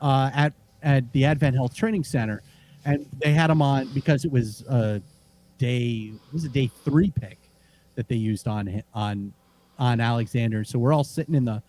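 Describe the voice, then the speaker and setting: A man's voice: medium pitch, moderate pace, slight background noise. A man co-hosting a casual sports podcast, telling rambling stories with lots of restarts. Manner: animated, rambling with restarts and laughs. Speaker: podcast co-host.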